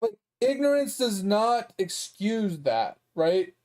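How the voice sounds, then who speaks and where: Young male streamer, high-pitched, profane and worked up while he games. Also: big pitch swings, slow pace, a little mellow. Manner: profane, heated, exasperated. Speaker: gaming streamer. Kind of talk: casual ranting commentary.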